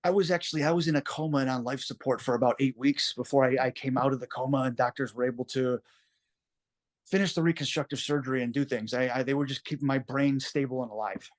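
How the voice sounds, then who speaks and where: Male interview guest, mid pitch, earnest and reflective, plain-spoken storytelling. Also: quick pace. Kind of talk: personal story told in an interview.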